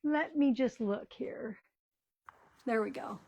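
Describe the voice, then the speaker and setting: A woman's voice: on the high side, slow pace, a little mellow, low-quality recording. An older woman chatting casually as she crafts at home, rambling and often trailing off mid-sentence. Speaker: crafting channel host. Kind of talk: casual chat while crafting.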